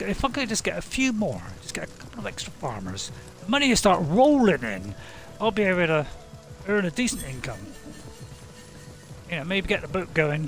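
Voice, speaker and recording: A man narrates his game in a loose, jokey way, chatting to himself and cheering on his little units. His voice sits a bit high and bounces up and down a lot. Game music plays clearly behind him. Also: a bit bright. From Britain. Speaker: gaming video host. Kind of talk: casual game commentary.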